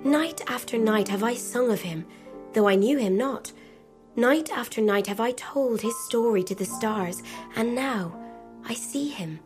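A woman's voice: a little high, lively intonation, measured pace. A woman voicing a small female nightingale, tender and longing, with a lilting, yearning delivery, over faint music in a storybook reading. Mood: tender wonder.

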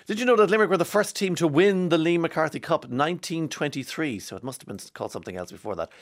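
A man's voice: fairly high pitch, fast. An Irish man hosting a radio show, chatting casually and reading out listeners' texts with wry asides.

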